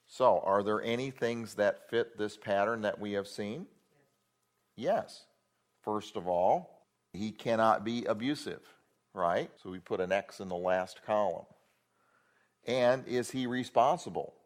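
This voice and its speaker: A man's voice: on the low side, unhurried. A man teaching a Bible word-study class, explaining step by step and checking in with rhetorical questions.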